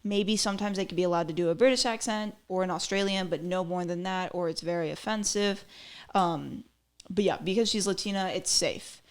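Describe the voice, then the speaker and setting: Lowish-voiced woman podcaster, rambling and opinionated, lots of ums. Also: fairly quick, clean tone. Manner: chatty, opinionated, many fillers. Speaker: podcast host. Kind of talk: casual commentary.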